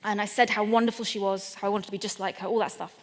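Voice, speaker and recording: A woman's voice: mid-range voice, quick pace. Self-mocking British woman comedian. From Britain. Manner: animated, self-deprecating, laughs between lines. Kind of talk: stand-up storytelling talk. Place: event venue in London. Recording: echoey hall at a live event.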